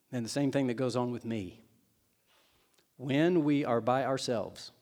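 This pastor's medium-pitched voice has a slightly mellow quality. His sermon unfolds as relaxed storytelling, with him voicing the lines of the people he describes.

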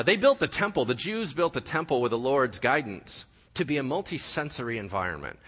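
A male pastor preaching a sermon in a church, animated and joking with his congregation. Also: medium pitch. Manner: animated, jokey, talks to the congregation. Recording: live church hall with long reverb.

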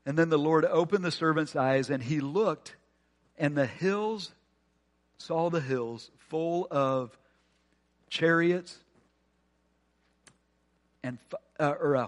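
A pastor preaching a conversational sermon, earnest, with rhetorical questions and drops to a hushed voice. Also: male voice, a little high.

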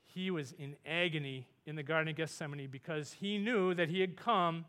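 A man preaching a sermon, earnest, rising loud for emphasis and dropping soft on tender points. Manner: earnest, rises in pitch and volume for emphasis, softens for tender points.

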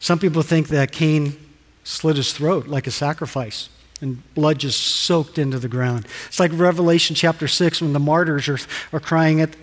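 High-voiced man preaching in a reverberant hall. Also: normal speed. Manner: animated preaching, rhetorical questions, dramatized quotes. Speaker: pastor. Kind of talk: sermon.

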